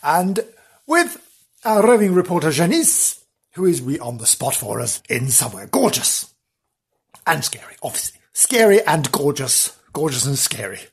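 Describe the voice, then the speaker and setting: Man, husky voice, podcast host, camp and theatrical, giggly, lively swooping pitch. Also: normal speed. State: recovering from lost voice. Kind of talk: camp chatty podcast hosting.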